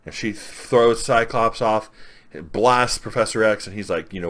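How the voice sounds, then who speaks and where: A man's voice: fairly low pitch, a little slow, fairly bright tone. A man casually retelling a comic book story as a reviewer, with lots of fillers and quoted lines. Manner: rambling, filler-heavy recap with quoted lines.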